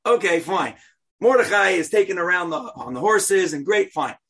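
A man retells a story as a lesson, lively and playful. He keeps asking rhetorical questions. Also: high-pitched, moderate pace, slightly rough.

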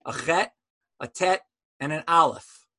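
A man's voice: on the high side, a little slow, pushed and bright, no room sound, rough recording. A man teaching an online class about Hebrew letters in a passionate style, full of rhetorical questions, heard over a video call.

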